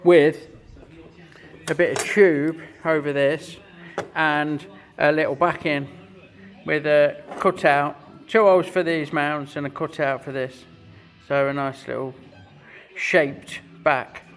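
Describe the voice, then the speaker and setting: A man in his fifties talks through a motorcycle build in his workshop, salty and rambling, swearing freely as he goes. His voice sits a little high for a man, and soft music plays underneath. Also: flat delivery, slow.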